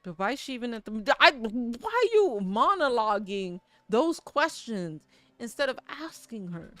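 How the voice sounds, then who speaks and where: A woman's voice: fairly high pitch, very animated, a little slow, fairly bright tone, no echo, faint music behind. A woman gamer giving casual commentary over a game, chatty and rambling, with the odd swear. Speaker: let's play gamer. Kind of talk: casual game commentary, reading dialogue aloud.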